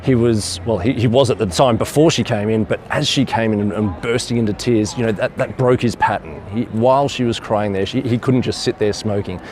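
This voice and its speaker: A man's voice: fairly low pitch, a little fast, hardly any pauses, darkish tone, a little hiss or hum. A man vlogging outdoors and telling a story in an enthusiastic, rambling way. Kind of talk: casual storytelling to camera.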